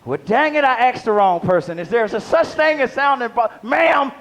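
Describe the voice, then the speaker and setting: A man's voice: extremely high pitch, moderate pace, slight background noise. A man performing a live stand-up set, talking back and forth with the crowd. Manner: animated crowd work, talks to audience. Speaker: stand-up comedian. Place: small live venue.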